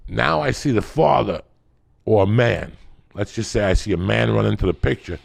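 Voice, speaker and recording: A man, hosting a podcast and telling a story loudly, swearing constantly and acting out every voice. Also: lowish voice, normal speed, gravelly. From North Bergen, New Jersey. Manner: loud, animated, swears constantly, acts out every voice. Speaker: podcast host. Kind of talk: profane storytelling in casual chat.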